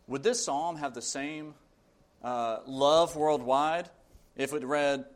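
A man's voice: mid-range voice, animated, measured pace. A man preaching a sermon, reading scripture aloud and pressing his points with earnest, emphatic repetition.

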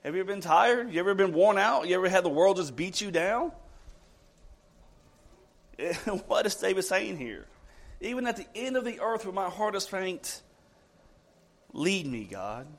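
A high-voiced man preaches a sermon in a church. He asks his congregation question after question. He rises to forceful emphasis and then drops to slow, quiet lines. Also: very animated, creaky.

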